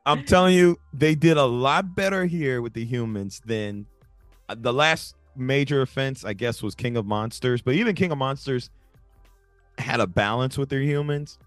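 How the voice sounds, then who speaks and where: A man co-hosting a casual movie review chat, talking in animated bursts with stammering restarts and sudden jumps between loud and soft. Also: mid-range voice, normal speed, dry recording, faint music behind. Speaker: podcast co-host.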